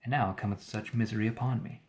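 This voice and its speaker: This live-streamed Bible reading comes from a man with a fairly low, steady, darkish voice. He pauses at times to restate the archaic language and comment on it.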